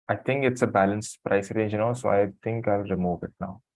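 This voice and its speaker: A low-pitched man with a sleepy, just-woken voice talks through trading charts live, pausing, apologizing and thinking aloud. The sound is dry and close, picked up by a computer mic with no room echo. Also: fairly even intonation, darkish tone. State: just woke from a nap, morning voice. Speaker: trading streamer. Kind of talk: live market commentary.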